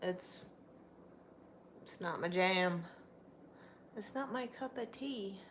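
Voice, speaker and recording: A woman's voice: slow pace, long pauses, a bit bright. Middle-aged woman, casual vlogger at home, chatty, with faint background noise. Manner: chatty, talks to her pets in a high sing-song voice. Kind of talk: casual livestream chat. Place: home, indoors.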